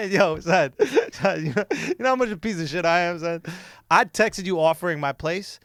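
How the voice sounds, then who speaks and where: A man's voice: fairly high pitch, animated, brisk, fairly bright tone, no echo, clean studio sound. A young man hosting a casual comedy podcast, teasing his co-host and joking between laughs. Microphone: studio podcast mic.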